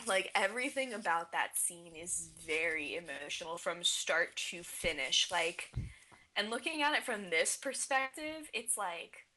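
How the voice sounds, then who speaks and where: A woman's voice: on the low side, expressive, unhurried, bright, forceful tone, a little hiss or hum, low-quality recording. A young woman co-hosting a fan podcast, talking emotionally about a cartoon episode with lots of "like". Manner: gushing, emotional, fillers of "like". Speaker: podcast co-host. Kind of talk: casual fan podcast chat.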